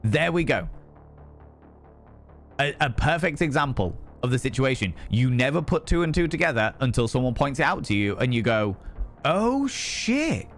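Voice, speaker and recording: A man in his thirties talking casually on a live stream, candid and profane, rambling and breaking into animated outbursts. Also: medium pitch, normal speed, soft background music.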